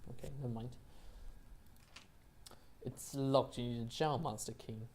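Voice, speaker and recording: A woman's voice: a bass voice, steady tone, a little slow, darkish tone, a little hiss or hum. A woman hosting a video game playthrough, chatting and reading the game's texts aloud in a self-deprecating way. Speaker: gaming channel host. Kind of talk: let's play commentary and reading aloud.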